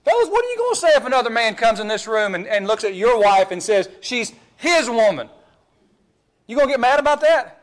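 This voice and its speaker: A man preaching a sermon as pastor, emphatic and animated, often repeating words as he swings between loud pushes and hushed asides. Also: very high voice, fast talker, hardly any pauses.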